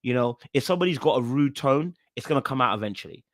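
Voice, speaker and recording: A man giving casual commentary on a reality show, animated and full of fillers and restarts as he repeats his points. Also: mid-range voice, fast talker, dry recording, clean studio sound. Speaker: reaction video host.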